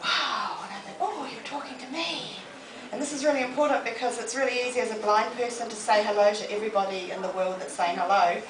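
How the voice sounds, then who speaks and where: A woman, giving a lively, humorous motivational talk to a live audience in a library. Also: medium pitch, quick pace, hardly any pauses. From New Zealand. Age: 40s. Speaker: motivational speaker. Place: public library hall. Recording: echoey room, distant mic, noisy.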